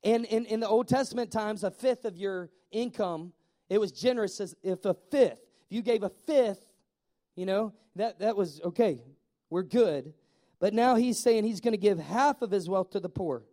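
A man preaching a sermon as pastor, telling Bible stories in an animated way with acted-out voices. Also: high-pitched, moderate pace.

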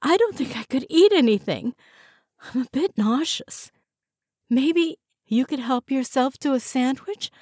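A fretful, ailing housewife, as a woman reader puts her on, her voice pitched up high and pushed louder. She sounds strained and pleading, in a dry storybook reading. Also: expressive, measured pace, no echo.

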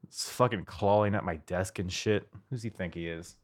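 A man's voice: low voice, moderate pace. An American man hosting a wrestling podcast in casual chat, tipsy, jokey and swearing. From United States. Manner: loose, swearing, jokey and rambling. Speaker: podcast host.

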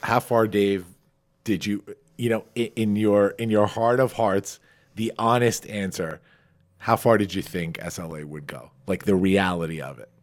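Lower-pitched chatty male podcast host. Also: normal speed. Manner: chatty and curious, with many restarts. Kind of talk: casual podcast interview.

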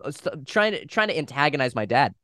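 A man's voice: mid-range voice, dry recording. Young man telling a story, dry mic. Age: young adult. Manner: fast, animated retelling with quoted voices and swearing. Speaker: podcast guest. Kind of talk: casual storytelling.

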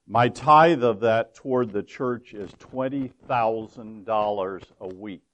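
A preacher voicing a calm, wealthy older man who speaks steadily and matter-of-factly. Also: fairly low pitch, takes it slowly, poor audio.

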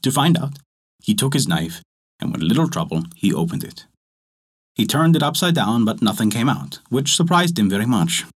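Husky, expressive male storyteller. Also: medium pitch, normal speed. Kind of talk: storybook narration.

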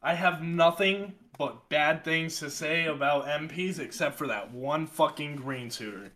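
Profane animated young man telling a story. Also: a little high, a little slow. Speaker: podcast co-host telling a story. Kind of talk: casual storytelling.

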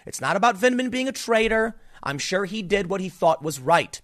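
A man's voice: high voice, lively intonation, moderate pace, fairly bright tone. A man delivering a solo political commentary monologue, emphatic and full of rhetorical questions.

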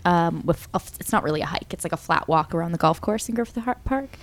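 A woman guest on a podcast, talking casually in an easygoing, soft-spoken way. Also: fairly low pitch, expressive, fast talker. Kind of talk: casual chat.

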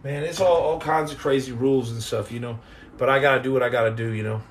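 A man's voice: mid-range voice, fairly even intonation, fast talker, slight background noise. A man hosting a podcast live stream, casually chatting and joking sarcastically with viewers in the comments. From United States. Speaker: podcast host.

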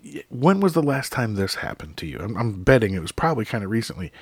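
A man's voice: low voice, slightly rough, no room sound. A middle-aged man from the United States delivering an exasperated, profane comedic rant in a casual, emphatic way.

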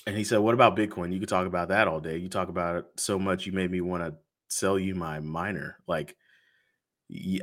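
A podcast host tells a story in an easygoing, animated way, slipping into the voices of the people he quotes. His voice sits on the low side for a man. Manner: animated, acts out quoted dialogue with laughs. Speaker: podcast host being interviewed. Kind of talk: casual storytelling.

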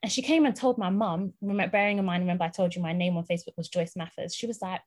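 Young woman, husky voice, animated storyteller who laughs a lot and acts out the quotes. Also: on the low side, rapid-fire. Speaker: podcast co-host telling a story. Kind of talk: casual chat.

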